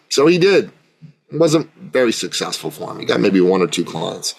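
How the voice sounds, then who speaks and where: A man who is a podcast guest, telling an animated business anecdote, acting out the dialogue and often asking for agreement. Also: fairly low pitch, moderate pace, creaky, breathy edge.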